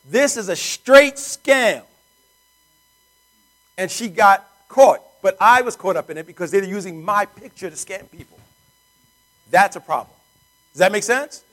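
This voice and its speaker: A man with a high voice pitches to a room of guests with lots of energy. He often turns to the crowd with rhetorical questions. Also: fairly bright tone, low-quality recording. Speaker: sales presenter. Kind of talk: sales pitch to a live audience.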